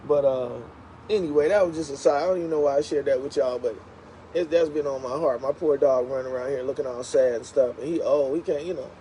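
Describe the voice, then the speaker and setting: A man telling a casual, animated story to viewers of his livestream. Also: medium pitch, fast, a little hiss or hum, poor audio. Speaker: live streamer.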